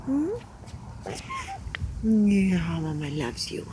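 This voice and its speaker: A woman's voice: lowish voice, expressive, extremely slow. A woman from Arizona chatting outdoors on a windy day, cooing to her pet goose in sing-song baby talk. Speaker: pet goose owner vlogging. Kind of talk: casual chat to camera and pet. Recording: wind noise outdoors. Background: wind gusts.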